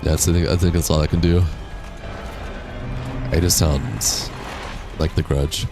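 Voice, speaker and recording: A man's voice: extremely low pitch, fairly even intonation, measured pace, music in the background. A young man streaming a game, chatting casually, reading chat aloud and laughing often. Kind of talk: casual livestream chat while gaming.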